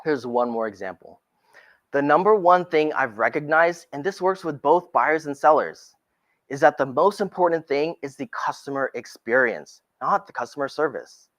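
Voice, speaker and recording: A middle-aged man, a realtor, giving a presentation to colleagues, animated and demonstrating different tones of voice as he talks. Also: fairly high pitch, moderate pace.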